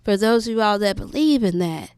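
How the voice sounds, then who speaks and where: A woman's voice: fairly quick, clear, resonant tone, no echo, studio quality. A middle-aged woman hosting her wellness channel, giving an earnest, conversational personal testimony and speaking straight to her viewers. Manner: earnest, conversational, addresses audience as y'all; rises high and bright when excited.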